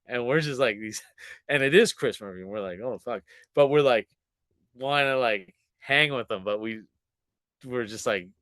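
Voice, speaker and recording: A man's voice: medium pitch, normal speed, a bit bright, no room sound. A man in his forties, a podcast guest telling a story in casual chat, swearing freely, laughing often and acting out what people said. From Canada. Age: 40s.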